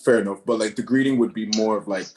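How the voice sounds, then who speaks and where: A man's voice: lowish voice, fast talker, a little mellow. A man speaking thoughtfully as a panelist in a casual discussion. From Ireland. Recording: roomy echo.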